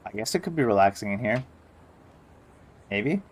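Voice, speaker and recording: A man's voice: lowish voice, expressive, moderate pace, slight background noise. Wry male gaming streamer. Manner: wry, offhand asides. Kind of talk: casual gaming commentary.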